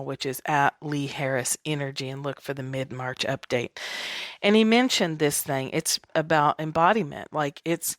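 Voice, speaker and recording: A woman's voice: low voice, no room sound, clean studio sound. A woman from the American South hosting her podcast, talking in a chatty, candid, self-deprecating way. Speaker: podcast host. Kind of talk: casual spiritual monologue.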